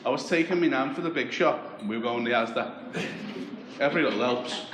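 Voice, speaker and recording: A man's voice: medium pitch, fast talker. Young Liverpool man doing sweary stand-up. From Liverpool, England. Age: young adult. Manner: deadpan, sweary storytelling. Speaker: stand-up comedian. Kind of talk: stand-up comedy set. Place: comedy club stage. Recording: echoey club with crowd noise. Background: audience laughter.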